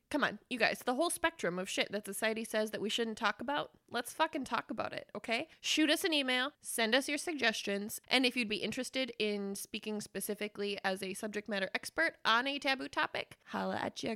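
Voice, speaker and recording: A woman hosting her own podcast, chatting casually with lots of swearing, animated and playful, sometimes loud, sometimes dropping to a whisper. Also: on the high side, no echo, studio quality. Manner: animated, swinging between loud and quiet. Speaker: podcast host.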